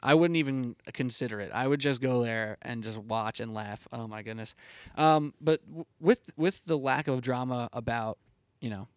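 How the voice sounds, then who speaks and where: A man's voice: medium pitch, moderate pace, clean tone, no room sound, studio quality. A young man hosting a sports talk show, chatting casually, laughing easily and drawing out his words.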